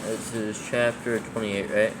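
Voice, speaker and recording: A man quietly checking a text against a reading, asking short questions about punctuation. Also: fairly low pitch, flat delivery, a little slow, background noise. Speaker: proofreading partner checking text. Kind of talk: casual checking talk.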